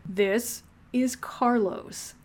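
A smooth, soothing male radio host, as a woman reader puts him on. He speaks with gracious small-town charm and a gentle, adoring ease. His voice sits a touch high in this audiobook reading. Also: fairly even intonation, drawn-out words.

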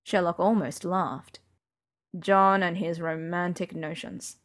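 Low-voiced woman narrator, quiet intimate audiobook read. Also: fairly even intonation, takes it slowly.

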